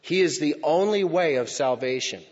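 A male pastor preaching a sermon, slow and emphatic, swinging from loud declarations to hushed near-whispers. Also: a little high, expressive. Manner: slow, emphatic phrasing with pauses. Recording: lo-fi with long hall reverb.

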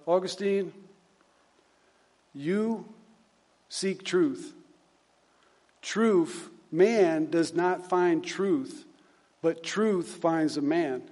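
Man preaching, slow and halting, slightly high voice, repeats words, fillers. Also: a little mellow, big-room sound. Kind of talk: sermon retelling a story and reading scripture.

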